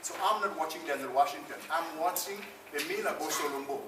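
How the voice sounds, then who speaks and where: A man's voice: a little high, quick pace. Impassioned male actor in an echoey hall. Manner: impassioned, emphatic repetition. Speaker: actor on a debate panel. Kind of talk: panel debate. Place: conference room at a film festival. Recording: roomy, distant mic, noisy ambience.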